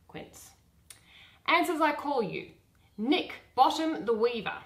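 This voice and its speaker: A woman reading all the parts of a play aloud, in a clear, measured way. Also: high voice, lively intonation, a bit bright, roomy sound. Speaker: reader.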